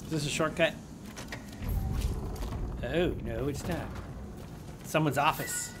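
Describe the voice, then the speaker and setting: A gaming channel host giving let's-play commentary, loud and exclamatory, yelling at enemies and making sarcastic asides. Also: medium pitch, takes it slowly, noisy background.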